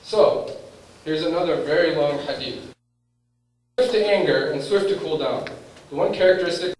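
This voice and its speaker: A man's voice: a little high, darkish tone. A man giving a lecture, quizzing his audience and acting out the thoughts going through someone's head. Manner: questions the audience and acts out inner thoughts. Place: lecture room. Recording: very echoey room, voice far from mic, faint background noise.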